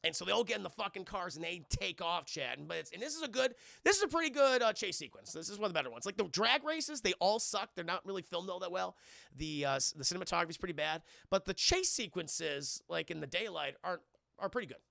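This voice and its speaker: A man's voice: high-pitched, very animated, fast, gravelly, bright, forceful tone, no room sound, clean studio sound. A man streaming live, recapping a film scene by scene in a rambling, profane way, laughing often and acting out lines.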